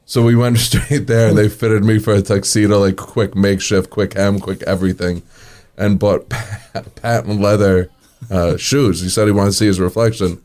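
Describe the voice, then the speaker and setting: Here a man speaks at normal speed with a fairly low, slightly mellow voice, little pitch variation, and hardly any pauses. He's a restaurant owner sharing easygoing interview stories, acting out what people said and chuckling frequently.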